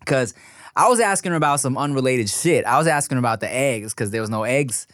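A man co-hosting a podcast, telling animated stories and acting out the dialogue, swearing freely. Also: medium pitch, fast, no echo, clean studio sound. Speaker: podcast co-host. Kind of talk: casual storytelling chat.

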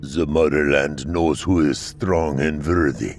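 A man's voice: extremely low pitch, fairly even intonation, unhurried, soft background music, pitched below the performer's own voice. A man doing a stern old Russian papa. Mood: grave. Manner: grave, harsh pronouncement.

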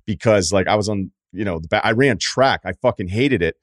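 A man's voice: fairly low pitch, fairly quick, no room sound, clean studio sound. A man in his forties from Massachusetts hosting a podcast, chatting loosely with a guest, joking and swearing freely. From Martha's Vineyard, Massachusetts. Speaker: podcast host. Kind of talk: casual podcast chat.

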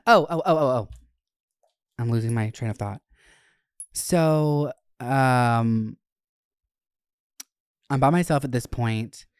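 A young adult podcast host telling stories in a casual, animated, profane way. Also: mid-range voice, slow, long pauses, smooth, no echo, clean studio sound. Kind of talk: casual chat.

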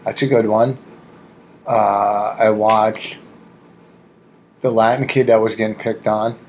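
A man co-hosts a comedy podcast and talks loosely in slang. He punctuates his talk with loud exclamations. Faint room noise sits behind him. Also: on the low side, level tone, slow pace, rough recording. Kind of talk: casual comedic chat.

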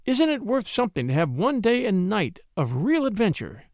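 A spirited, well-bred young lady, brave and lightly teasing, as a male narrator puts her on. The voice is lifted high and lilting, swinging lively over each phrase. It is heard close and dry. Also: normal speed, dry recording. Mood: earnest, teasing.

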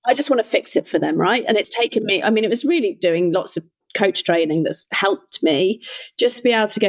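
Woman hosting a podcast, reflective and emphatic, mid pitch, clean sound. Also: animated, brisk. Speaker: podcast host and coach. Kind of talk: conversational interview.

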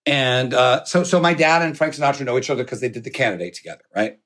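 A middle-aged man telling a long anecdote with lively energy, swearing and laughing as he goes. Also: medium pitch, fast. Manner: animated, swearing, laughing storyteller. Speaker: podcast guest. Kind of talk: storytelling anecdote.

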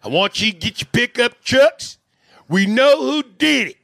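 A man voicing a shrill, hollering redneck father who whips up a mob. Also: very animated, a little slow, creaky, no echo, clean studio sound, exaggerated voice. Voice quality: high strained shouting.

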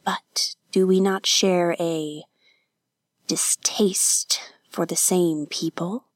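A man's voice: high-pitched, steady tone, very slow, no echo, clean studio sound, heavily acted. Woman whispering as a menacing samurai lord, whispered role-play. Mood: conspiring. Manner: hushed, whispering threats. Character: scheming male samurai lord, tense, menacing.

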